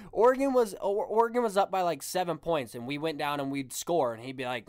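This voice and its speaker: A man hosting his own podcast, ranting in a casual, exasperated and animated way. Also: fairly high pitch, fairly quick, few pauses, clean tone, no room sound. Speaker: podcast host.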